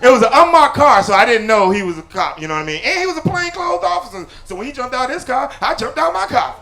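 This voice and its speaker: A man doing live stand-up comedy on a theater stage, punchy and loud, then dropping low for asides. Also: sing-song, fast talker, creaky. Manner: loud, punchy delivery with sudden drops to low confiding asides. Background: audience laughter.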